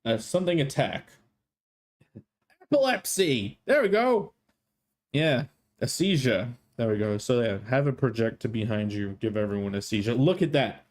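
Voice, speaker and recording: A man's voice: mid-range voice, animated, normal speed. A male streamer with a strained throat, chatting in a playful, jokey way and swearing freely. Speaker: streamer, host. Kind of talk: casual live-stream chat.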